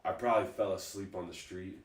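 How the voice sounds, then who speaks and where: A man telling stories as a guest in a casual interview, relaxed and chuckling as he goes. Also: low voice, fast. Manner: laid-back, chuckling storyteller. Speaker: guest, fighter. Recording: echoey room, distant mic.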